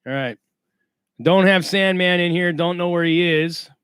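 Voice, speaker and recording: In an unhurried, smooth, slightly bright high voice, a man hosts a relaxed livestream. He talks streetwise slang and welcomes viewers by reading their chat names aloud. Studio quality, with no echo.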